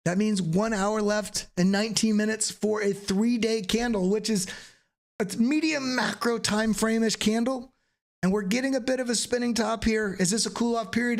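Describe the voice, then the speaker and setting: A man hosting a live crypto trading stream, joking and energetic as he walks through charts, swearing casually now and then. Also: high-pitched, creaky. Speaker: crypto trading channel host.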